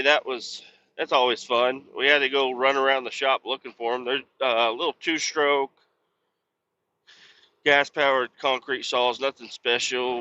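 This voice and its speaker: A man's voice: mid-range voice, sharp tone, muffled recording. A man hosting a podcast, rambling and cussing his way through casual stories while driving a truck. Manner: rambling, profane, laid-back storytelling. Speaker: podcast host. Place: truck cab on the road.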